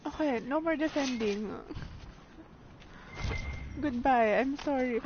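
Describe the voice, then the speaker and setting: A woman's voice: fairly high pitch, lively intonation, unhurried. A woman giving casual let's play commentary, laughing often and talking back to the game's characters. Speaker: gamer. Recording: dull lo-fi sound with clear background noise.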